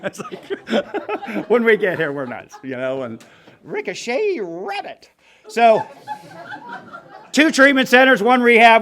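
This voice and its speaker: A man's voice: fairly high pitch, a bit bright. A middle-aged man telling his recovery story to a meeting group in a blunt, profane, wry way. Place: meeting room.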